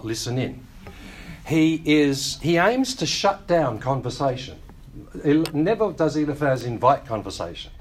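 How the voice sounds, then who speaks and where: Preaching in a mid-range voice, this pastor keeps his sermon conversational, slipping in wry remarks and briefly acting out what others said.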